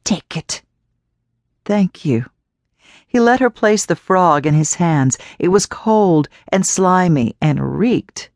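A woman narrating a horror novel audiobook in a measured, even storytelling voice. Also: fairly low pitch, no echo, clean studio sound. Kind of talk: scripted narration.

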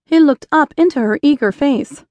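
Woman reading an audiobook, measured and steady, higher voice, dry close mic. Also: dry recording, muffled recording. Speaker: audiobook narrator. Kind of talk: scripted narration.

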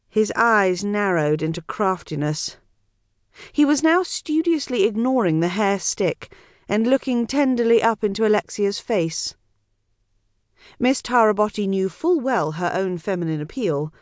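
A woman narrating an audiobook in a wry, measured storytelling manner. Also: mid-range voice, animated, dry recording, clean studio sound. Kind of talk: scripted narration.

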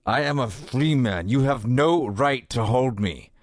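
A man's voice: medium pitch, lively intonation, measured pace, no echo, studio quality, pitched above the performer's own voice, lightly acted. A man voicing a proud older prisoner who defiantly demands his release. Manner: defiant, commanding.

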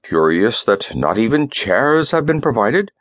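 A man's voice: medium pitch, very animated, measured pace, fairly bright tone, dry recording. A man voicing a pompous, scheming middle-aged male ambassador in an audiobook, snapping and self-satisfied.

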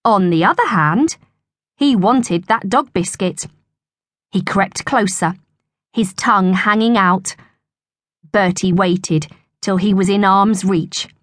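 A woman narrating a children's audiobook with expressive, storytelling delivery. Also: medium pitch, slow pace, pauses often, no echo, clean studio sound.

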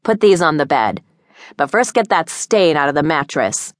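Brief: woman narrator doing a cruel, high, strung-out mom, loud and coarse, low-ish and dry. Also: sing-song, normal speed, dry recording. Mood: harsh, berating. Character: harsh, drug-addled, abusive middle-aged mother. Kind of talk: audiobook character voice. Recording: dry close studio sound.

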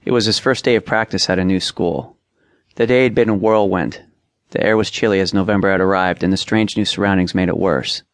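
A man narrating an audiobook, reading plainly and raising his voice for shouted lines. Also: deep voice, steady tone, fairly quick, no room sound, studio quality. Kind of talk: scripted narration.

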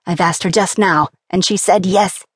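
Joyful tender young fiancé, read by a woman narrator, lowish voice, dry close audiobook sound. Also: moderate pace, slightly rough, dry recording. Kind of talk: audiobook character voice.

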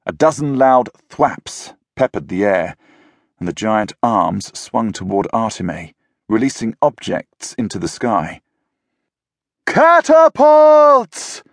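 A man narrating a children's novel, in a slow, measured reading. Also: fairly low pitch, lively intonation, no room sound, clean studio sound. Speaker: audiobook narrator.

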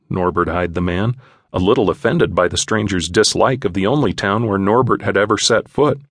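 A man's voice: low-pitched, normal speed, fairly bright tone, no echo, clean studio sound. A man narrating a children's novel in a folksy, playful storytelling manner. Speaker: audiobook narrator.

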